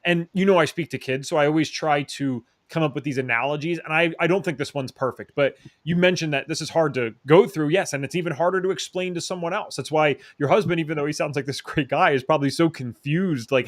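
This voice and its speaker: A male podcast host with a somewhat high voice talks through ideas thoughtfully, often pausing to correct his wording. The sound is dry and close, with no room echo. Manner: thoughtful, reaches for analogies, self-correcting. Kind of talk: conversational podcast chat.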